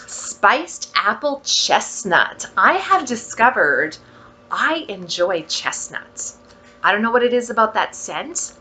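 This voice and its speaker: A woman reviews products in an unhurried, gushing vlog voice with a bright, forceful tone. She stretches out her exclamations and sometimes drops into soft whispered asides. There is a faint hiss behind her. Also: mid-range voice, sing-song. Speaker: vlogger.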